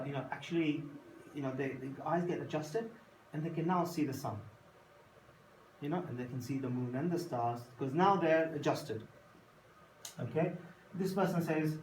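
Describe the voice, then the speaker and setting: A man teaching a class, telling a story in lively acted voices and often asking if the class follows. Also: on the high side. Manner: storytelling, acts out voices, checks understanding often. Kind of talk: class lecture. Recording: echoey room from a distance, faint noise.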